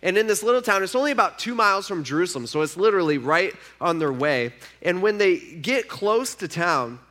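A man's voice: high voice, animated, brisk, sharp tone. A man preaching, retelling a Bible story in a casual, chatty way and acting out the characters' lines.

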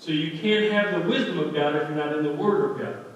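Male pastor, fairly high voice, chatty and earnest, recorded from a distance in a church with a long echo. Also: brisk, dull audio, a little hiss or hum. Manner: earnest, conversational, digressive. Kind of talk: sermon. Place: church sanctuary. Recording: echoey hall from far off.

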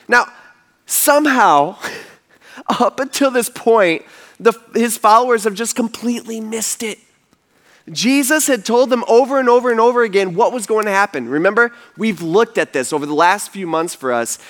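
Animated, chatty male pastor. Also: high-pitched, normal speed. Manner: conversational, animated, full of fillers like "like" and "you know". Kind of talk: casual storytelling sermon.

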